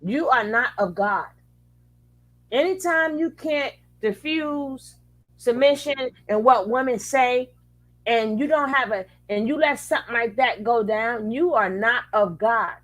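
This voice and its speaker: A woman's voice: on the high side, measured pace, fairly bright tone, rough recording. A woman hosting a reaction commentary, speaking angrily with cursing and restarted phrases. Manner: angry, profane, restarts phrases. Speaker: reaction channel host.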